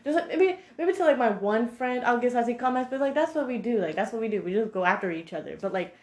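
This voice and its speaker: Woman vlogger, casual heated rant, slightly high voice, echoey room. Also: fast. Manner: animated, heated, heavy use of 'like'.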